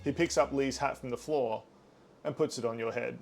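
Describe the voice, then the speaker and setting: Male game master, easygoing playful narration, soft music underneath. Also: mid-range voice, fairly even intonation, normal speed, creaky. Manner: casual, descriptive, playful.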